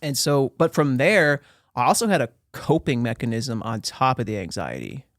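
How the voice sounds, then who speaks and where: Animated young man from Pennsylvania. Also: mid-range voice, moderate pace, dry recording, studio quality. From Pennsylvania, USA. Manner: animated, talks with his hands, slangy. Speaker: podcast guest. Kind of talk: casual storytelling.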